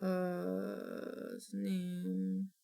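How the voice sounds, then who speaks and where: A woman's voice: fairly low pitch, completely flat delivery, drawn-out words, vocal fry, dark tone. A young adult woman streamer in casual live-stream chat, dramatic, breaking into shrieks and groans and restarting her sentences.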